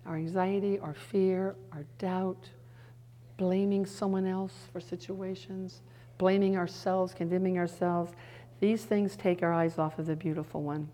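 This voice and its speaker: Earnest woman preaching, low mellow voice. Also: level tone, a little slow. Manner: earnest, with soft hushed asides. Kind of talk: sermon-style teaching.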